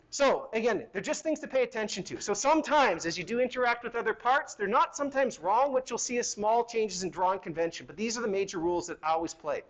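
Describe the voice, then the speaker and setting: A man's voice: high-pitched, expressive, fast. A middle-aged man teaching a university chemistry lecture in a hall, conversational and asking the class questions as he goes.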